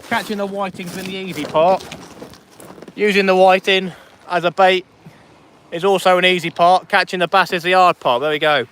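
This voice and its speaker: A man's voice: high-pitched, fairly even intonation, moderate pace, fairly bright tone, a little hiss or hum. A man chatting casually on a fishing livestream outdoors on a beach at night, reading out viewer comments as he goes.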